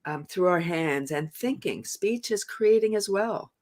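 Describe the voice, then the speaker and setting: A woman's voice: fairly low pitch, animated, unhurried, a little mellow. A woman guest guiding laughter yoga exercises, upbeat and instructive, laughing often between instructions.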